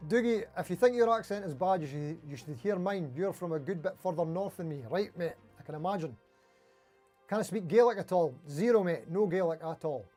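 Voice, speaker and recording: A middle-aged man with a Dundee Scottish accent, hosting a casual guitar livestream and chatting quickly with viewers. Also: high-pitched, expressive, warm tone. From Scotland. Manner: fast-talking, chatty, reading out viewer comments. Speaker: livestream host.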